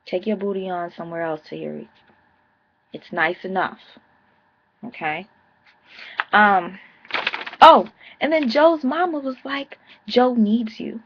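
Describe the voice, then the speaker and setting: A woman's voice: medium pitch, a little slow, pauses often, lo-fi sound, slight background noise. A woman in her thirties recapping a reality show episode in a blunt, sassy, profane way. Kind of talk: casual vlog recap.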